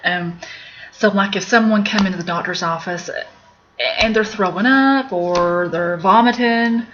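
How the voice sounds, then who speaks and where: Speaking at a measured pace in a medium-pitched, slightly bright voice, this medical office instructor is a middle-aged Appalachian woman. She gives a casual recorded lesson on medical terms, chatty and candid, laughing at her own jokes, on a slightly dull lo-fi recording with faint background noise.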